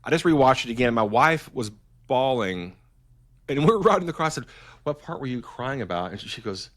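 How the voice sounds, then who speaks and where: A man's voice: mid-range voice, very animated, brisk, fairly bright tone. A middle-aged man, a filmmaker talking as a guest in a casual interview, enthusiastic and rambling, often restarting his sentences.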